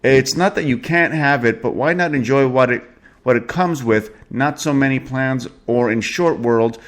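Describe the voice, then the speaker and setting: A man's voice: mid-range voice, normal speed. A man hosting a casual web radio show, talking in a rambling, profane way with lots of fillers. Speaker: podcast host. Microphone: home podcast setup.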